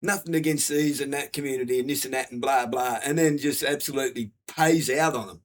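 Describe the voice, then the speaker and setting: A man's voice: mid-range voice, fairly quick. A man giving a blunt, profane, repetitive rant to camera. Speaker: vlogger.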